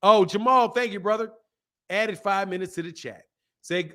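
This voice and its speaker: A man's voice: high voice, moderate pace, bright, forceful tone. A man hosting a boxing channel livestream, talking bluntly in a rambling, repetitive way with plenty of slang and reading chat messages aloud. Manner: blunt, rambling, repeats himself. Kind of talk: casual livestream commentary.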